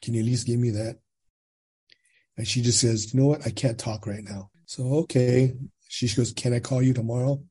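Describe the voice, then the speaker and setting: Husky and medium-pitched, a man in his sixties from California talks through his own experiences as a podcast guest at a normal speed. His retelling is animated, quoting what people said, with frequent checks of "right?".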